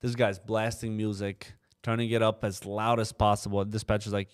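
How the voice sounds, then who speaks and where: Animated storytelling man, lots of "you know". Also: on the low side, moderate pace, smooth. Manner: animated storyteller, acts out quoted voices, many fillers like "you know". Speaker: trucking company co-owner, podcast guest. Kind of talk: casual storytelling in a podcast interview.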